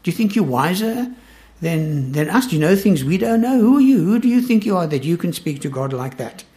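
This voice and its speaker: A man's voice: high-pitched, very animated, fairly quick. A man acting out an outraged friend hurling questions. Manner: forceful, indignant questioning. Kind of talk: Bible teaching.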